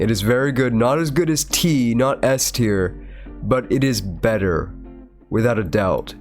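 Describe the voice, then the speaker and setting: Sick, slightly nasal man chatting. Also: mid-range voice. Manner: chatty and rambling, with chuckles. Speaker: VTuber host. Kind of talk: casual chat, rating foods on a tier list. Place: his room.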